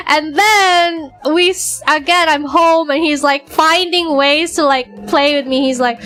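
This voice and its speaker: A woman streamer chatting casually and excitedly, acting out her own side of conversations in a raised voice. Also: sits high, normal speed, hardly any pauses, faint music behind. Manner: excitable, animated, quoting others in a raised voice. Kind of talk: casual chat.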